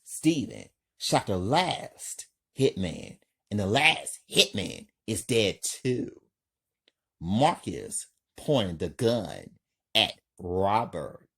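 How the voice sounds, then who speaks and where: A man's voice: lowish voice, sing-song, very slow, vocal fry, pushed and bright, slightly rough. A man reading a crime script aloud in plain, scene-by-scene narration. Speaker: storyteller.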